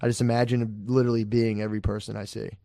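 A man's voice: on the low side, little pitch movement, quick pace, gravelly, warm tone, dry recording, studio quality. A man casually telling profane, laid-back stories, laughing as he talks. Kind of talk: casual storytelling chat.

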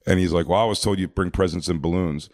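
A deep-voiced man spins a rambling, profane story in a loose conversation, stumbling through fillers and restarts. The sound is dry and close, with no room around it. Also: steady tone, quick pace, darkish tone, no echo. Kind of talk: casual storytelling chat.

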